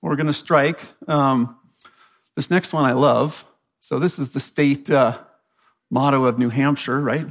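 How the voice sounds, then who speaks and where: A man's voice: mid-range voice, fairly even intonation, normal speed, creaky. An American man speaking to a church crowd in a conversational sermon, often checking in with the audience with "right?". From United States. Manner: chatty, keeps asking the audience "right?".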